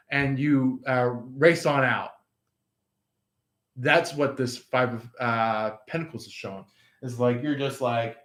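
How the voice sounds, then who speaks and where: A man giving a casual tarot reading, rambling and halting with many fillers. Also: mid-range voice, fairly even intonation, a bit bright. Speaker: tarot reader. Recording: roomy echo.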